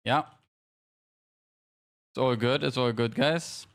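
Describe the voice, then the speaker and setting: Talking slowly in a mid-range, slightly bright voice with vocal fry, a man streams a game live and chats casually with viewers. He jokes about himself while giving his teammates directions.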